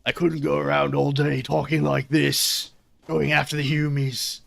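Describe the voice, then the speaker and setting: A man putting on the voice of a brutish orc warrior, rough and slurring like a thug. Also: on the high side, little pitch movement, unhurried, fairly bright tone, full character voice. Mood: gruff. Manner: rough, slurred tough-guy talk.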